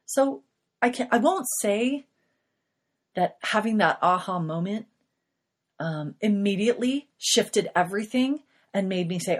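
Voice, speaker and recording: Breathy middle-aged woman, podcast host, earnest confessional faith testimony. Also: mid-range voice, lively intonation, measured pace, pauses often.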